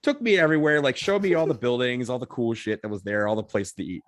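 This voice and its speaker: Animated male podcast co-host telling a story. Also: mid-range voice, fast, no echo, studio quality. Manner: animated, swears, acts out others' lines. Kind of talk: casual storytelling.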